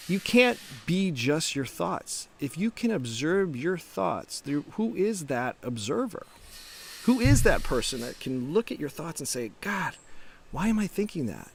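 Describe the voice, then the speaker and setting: A fairly high, gravelly voice comes through over a little hiss or hum. It belongs to a middle-aged startup founder and coach giving an informal motivational talk to camera, reflective in tone, with restarts and rhetorical questions.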